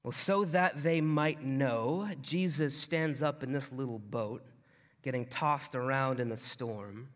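A man preaching a sermon in a loose, conversational way, often dropping his voice low and soft for emphasis. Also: slow, big-room sound. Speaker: pastor.

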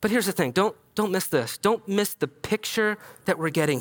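A male pastor preaching a sermon in a casual, conversational way, telling the story with animated swings between raised emphasis and hushed, near-whispered lines. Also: sits high, normal speed, hardly any pauses. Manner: casual, conversational phrasing with many fillers.

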